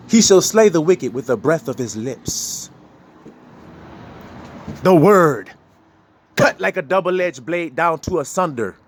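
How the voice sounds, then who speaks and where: Lively, swooping man preaching. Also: a little hiss or hum. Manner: preachy, laughs often, swings between loud and low. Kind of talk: street sermon.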